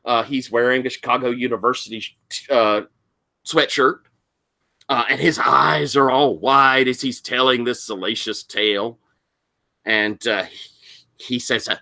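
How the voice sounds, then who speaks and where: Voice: mid-range voice, creaky. A game master narrating a tabletop role-playing session and setting scenes for a player. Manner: unhurried, lively storytelling.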